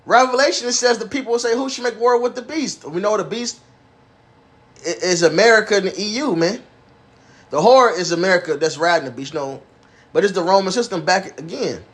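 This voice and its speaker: A man with a high-pitched voice preaches, reading old scripture verses aloud and then breaking them down in blunt, cursing street slang. His delivery is emphatic and pointed. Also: brisk, a bit bright. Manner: profane, emphatic, reads King James verses then explains in slang; acts out a bragging axe in a mocking voice.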